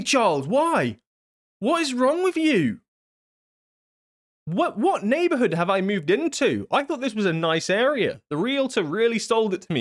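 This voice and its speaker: A gaming YouTuber with a slightly high, somewhat bright voice narrates a horror game let's play. He cracks sarcastic jokes, swears, and laughs a lot along the way.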